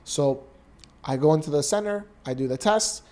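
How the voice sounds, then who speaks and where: A Canadian man in his thirties, a podcast co-host, telling an emotional personal story in an earnest, animated way. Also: on the high side, moderate pace.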